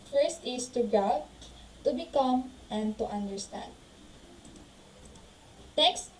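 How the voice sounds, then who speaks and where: A woman, a student presenter, carefully reading her class presentation aloud and slowing to read out examples. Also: high voice, warm tone, far from the mic, slight background noise, low-quality recording.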